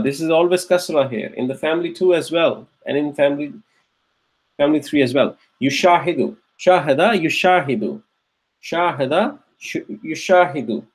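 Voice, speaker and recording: In a fairly high, slightly mellow voice, a man teaches Arabic grammar. He drills words by patiently repeating them slowly aloud and checks that the class is following.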